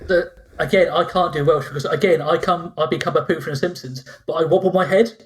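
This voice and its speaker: A man's voice: fairly high pitch, fairly even intonation, fast. A man, co-host and game master, chatting casually on a podcast with frequent laughs and restarts.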